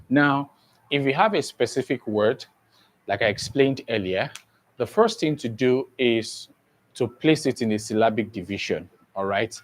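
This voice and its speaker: A man's voice: medium pitch, lively intonation, unhurried. A man teaching a class for an exam, who repeats key phrases and keeps checking that students follow. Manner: repetitive, checks understanding often. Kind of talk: exam prep lesson.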